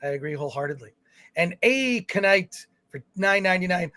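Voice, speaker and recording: High-voiced man reading viewer comments. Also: lively intonation, normal speed, pushed and bright, no room sound. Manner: chatty, reads comments aloud with fillers and restarts. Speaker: film review show co-host. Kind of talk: casual livestream chat reading viewer comments.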